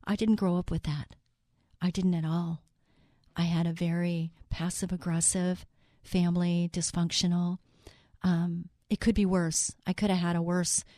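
A woman hosting a faith talk show, speaking in an earnest, personal way, quoting scripture and slowing down to stress key words. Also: fairly low pitch, flat delivery, mellow, dry recording, studio quality. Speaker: show host.

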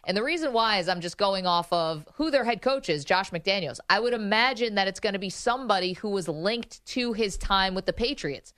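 A woman's voice: mid-range voice, expressive, a little fast, few pauses, fairly bright tone, dry recording, clean studio sound. A woman co-hosting a sports talk show, chatting casually about football and laughing often. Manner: laughs often, chatty, reads quotes aloud.

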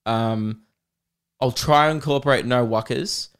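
A man's voice: mid-range voice, unhurried, fairly bright tone, smooth. A young Australian man hosting a comedy podcast, rambling casually, swearing freely and cracking himself up. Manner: swears freely, self-amused, breaks into laughter.

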